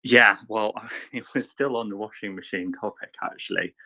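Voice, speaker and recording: A man in casual chat, telling a rambling anecdote with lively quoted voices. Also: lowish voice, normal speed, vocal fry. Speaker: panelist.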